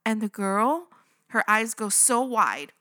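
Casual woman podcast host, lively swinging delivery, bright dry sound. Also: fairly high pitch, takes it slowly. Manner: animated, chatty, keeps checking in with "right?" and "okay?". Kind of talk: casual storytelling.

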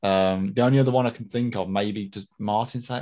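A man's voice: mid-range voice, fairly even intonation, brisk, creaky, darkish tone. A man co-hosting a casual podcast, chatty and hesitant, often laughing at himself. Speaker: podcast co-host.

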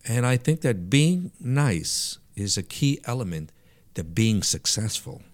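A man's voice: medium pitch, sing-song, a little slow. A man, telling anecdotes as a guest in a casual interview. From Bronx, New York. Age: 50s. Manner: reflective, anecdotal, frequent restarts and fillers. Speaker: podcast guest, hair stylist.

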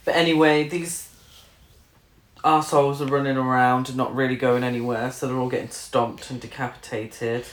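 A man's voice: mid-range voice, little pitch movement, normal speed. Man, casual film chat, laughs a lot, sweary, echoey room. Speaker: film review podcast co-host.

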